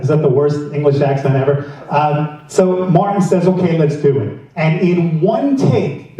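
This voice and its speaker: A man's voice: fairly high pitch, dark tone. A man telling a casual music story to fellow DJs, chatty and self-deprecating. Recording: echoey room, voice from a distance.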